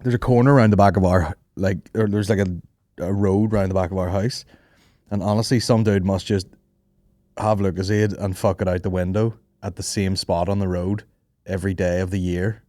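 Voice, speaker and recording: A man's voice: low-pitched, steady tone, moderate pace, mellow, no echo, studio quality. A young man, hosting a podcast and telling rambling, profane comic stories with frequent laughs. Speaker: podcast host. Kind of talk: casual comedic storytelling.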